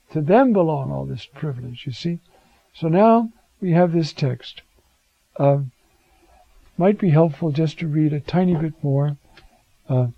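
An older man preaches with a gravelly, slightly raised voice, acting out the prophets' complaints with dramatic lifts in pitch. The recording is dry and a little dull, with no room around him. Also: no echo. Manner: dramatic, acts out biblical quotes with rising pitch. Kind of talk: sermon.

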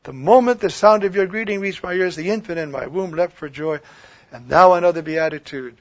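A man preaching a sermon, swinging from loud declaiming to hushed near-whispers. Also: high-pitched, a little fast. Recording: dull lo-fi recording.

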